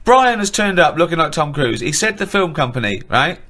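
Guy poking holes in the story, bit high, stammery. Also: sing-song, fairly quick, pushed and bright. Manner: questioning, picks holes, stammers. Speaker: podcast co-host. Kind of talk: casual banter.

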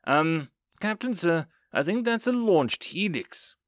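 A man's voice: high voice, big pitch swings, slow, dry recording, studio quality, pitched above the performer's own voice, heavily acted. A man doing a jittery young alien navigator. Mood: hesitant. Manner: hesitant, eager. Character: young nervous nerdy male alien navigation officer.

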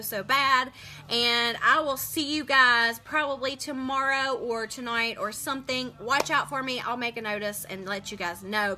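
A woman's voice: fairly high pitch, pushed and bright. A middle-aged woman, chatting casually and emotionally to viewers on a livestream. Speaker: livestream host selling lip products.

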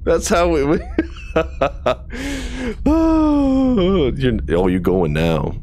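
A man's voice: sits high, wildly swooping pitch, very slow, a little mellow, slight background noise. A man doing live commentary on a horror game he is playing, jumpy, swearing and joking with the characters on screen.

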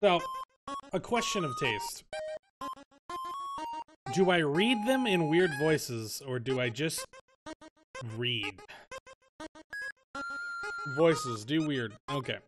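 A man's voice: a little high, lively intonation, takes it slowly, pauses often. A man streaming a game, reacting casually with jumpy, swearing commentary over game music. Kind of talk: let's play commentary.

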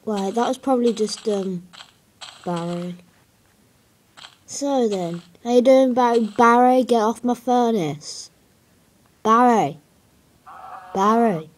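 A woman's voice: on the high side, slow pace, long pauses, a little hiss or hum. A woman giving casual gameplay commentary, hesitant and rambling with many fillers. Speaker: gaming video creator.

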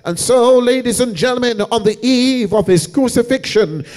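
A male evangelist preaching a revival sermon in a church, calling out to the congregation again and again and building from hushed passages to shouted, half-sung peaks. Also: very high-pitched, normal speed, faint music behind. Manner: rhythmic preaching with repeated call-outs to the congregation; swings from hushed storytelling to shouted, sung-out climaxes.

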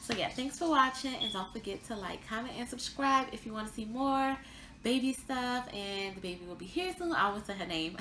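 A woman's voice: a little high, lively intonation, fairly quick, bright, forceful tone, echoey room, soft background music. A pregnant young woman vlogging a casual update, chatty and rambling with lots of fillers and little laughs. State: pregnant, tired.

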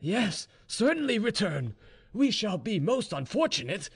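A man's voice: sits high, animated, measured pace, gravelly, breathy edge, voice pushed up, heavily acted. A man voicing a fond, smiling old army general speaking to his daughter in a genial, coaxing way.

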